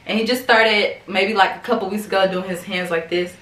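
A woman's voice: medium pitch, steady tone, a little fast, hardly any pauses, a bit bright. A woman giving a casual vlog update as a mother, chatting to viewers and her baby at home. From United States. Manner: chatty, talks to baby between remarks. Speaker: vlogger mom. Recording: roomy, somewhat distant mic, faint ambience.

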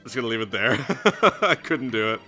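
A young man hosting a let's play, giving jokey, excitable commentary on his gameplay. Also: moderate pace, faint music behind. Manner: jokey, excitable, jumps into squeaky put-on voices.

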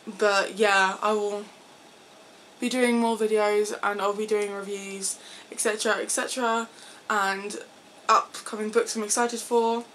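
A woman vlogger wrapping up a read-along, talking casually and haltingly with pauses. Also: mid-range voice, level tone, a bit bright, a little hiss or hum, poor audio. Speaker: book reader and vlogger. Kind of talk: casual sign-off to camera.

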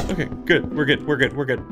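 A woman streaming a video game, commentating excitedly with frequent laughs and frantic exclamations. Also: deep voice, vocal fry. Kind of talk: let's play commentary. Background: game music.

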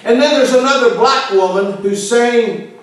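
Set back from the mic in an echoey church hall, a fiery male preacher with a fairly high voice delivers an emphatic sermon at a measured pace. He pushes hard on some words and sinks into sudden quiet on others.

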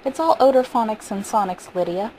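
A woman reading aloud, voicing a calm, gently teasing husband in a story, with a faint hiss behind her. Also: a little high, a little fast, natural voice, rough recording. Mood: reassuring. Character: weary amused husband, a man in his prime. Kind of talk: audiobook reading.

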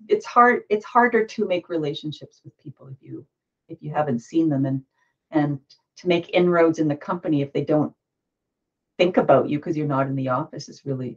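A woman's voice: low voice, muffled recording. A woman moderating a panel discussion, thinking aloud with many restarts.

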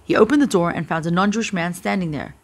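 Gentle woman reading a children's story. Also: fairly low pitch, quick pace. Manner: expressive, gentle storybook delivery.

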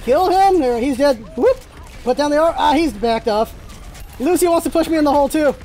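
A gaming channel host giving live gameplay commentary, excitable and firing off rapid callouts to teammates. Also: high-pitched.

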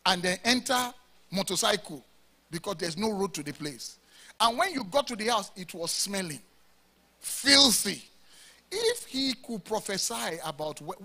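A man with a Nigerian accent preaches to a church congregation in a high, husky voice. His tone is strikingly bright and cutting, and he drives his points home with pointed rhetorical questions. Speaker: pastor. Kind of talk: sermon. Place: church service before a congregation.

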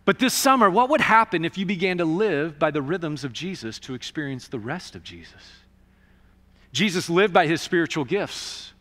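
A male pastor preaching a conversational sermon in a church, swinging between loud emphatic bursts and hushed, quiet passages. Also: on the high side, lively intonation, normal speed, big-room sound. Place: church sanctuary.

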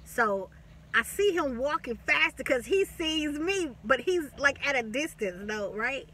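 A woman spins a personal story in loose, animated casual talk, repeating phrases and cursing freely. Her voice is bright. She sits a little back from the mic, with faint traffic noise behind. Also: high-pitched, measured pace, distant mic. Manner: animated, repetitive, profane, laughing storyteller. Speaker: vlogger.

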